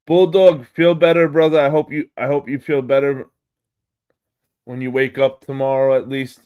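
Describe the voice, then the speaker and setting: A man with a New York accent hosting a casual live stream, excitable and swearing freely as he greets viewers. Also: mid-range voice, moderate pace, clear, resonant tone, narrow, tinny audio.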